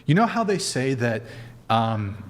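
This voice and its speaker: A young man hosting a streamed dating panel podcast in a crude, joking, rapid-fire way. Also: mid-range voice, sing-song. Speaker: podcast host. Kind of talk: casual streamed panel chat.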